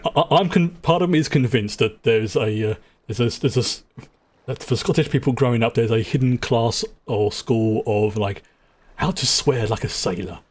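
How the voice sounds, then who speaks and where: A man with a London accent giving rambling, chatty commentary while streaming a game, often restarting his sentences. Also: mid-range voice. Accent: London English. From England. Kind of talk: casual gameplay commentary.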